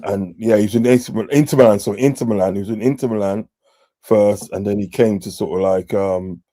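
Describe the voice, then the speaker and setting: A man's voice: fairly low pitch, fairly even intonation, brisk, dark tone, no echo. A man hosting a casual football chat stream, rambling with lots of fillers and restarts and the odd swear word. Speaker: podcast host.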